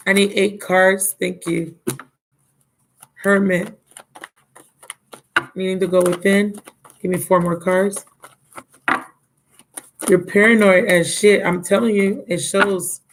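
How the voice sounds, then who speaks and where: Background noise sits under a woman's flat, mid-range voice as she gives a live-stream tarot reading, speaking slowly with frequent pauses. She's exhausted and yawning, blunt and casual, calling the viewer "baby" and "my love."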